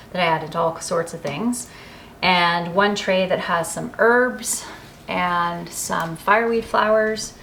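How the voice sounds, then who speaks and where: A woman's voice: fairly low pitch, a bit bright, slight background noise, low-quality recording. A woman with a Canadian accent, chatting casually in a home garden and kitchen vlog, rambling and correcting herself as she goes. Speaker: homesteading vlogger.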